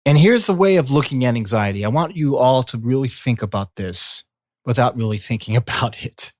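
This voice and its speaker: A middle-aged man, a coach and former healer, speaking in a slow, soothing reflective monologue. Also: mid-range voice, animated, dry recording, studio quality. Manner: slow, soothing, drawn-out phrasing. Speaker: coach and former healing practitioner.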